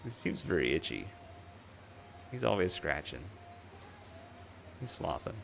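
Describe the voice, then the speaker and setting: Low-voiced man in playful commentary. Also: sing-song, creaky, soft background music. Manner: playful and amused, drawn-out silly asides. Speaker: vlogger recapping a trip. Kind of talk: casual commentary over photos and clips. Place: indoors at home streaming.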